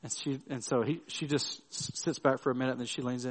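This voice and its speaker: A man's voice: medium pitch, fairly even intonation, quick pace, hardly any pauses, long reverb tail. A middle-aged male pastor giving a sermon in a loose, storytelling way, with restarts and frequent tag questions.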